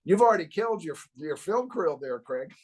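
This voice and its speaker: An older man from the US East Coast, a guest in a casual interview, telling wry, animated stories. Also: sits high, a little fast, breathy edge, poor audio. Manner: wry, animated anecdotes with acted quotes. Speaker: guest, author.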